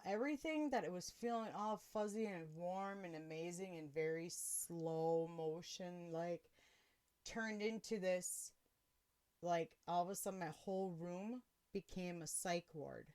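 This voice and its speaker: A woman hosting a podcast, telling a personal story in a casual, animated way and laughing often. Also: lowish voice, unhurried. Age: adult with children. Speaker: podcast host.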